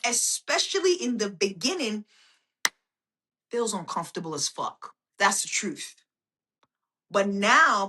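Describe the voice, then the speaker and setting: Woman host for an intimate self-help monologue; slow, bright voice with a lively, swooping delivery. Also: medium pitch. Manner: slow, intimate, addresses listener as "my friend", swears casually. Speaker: podcast host.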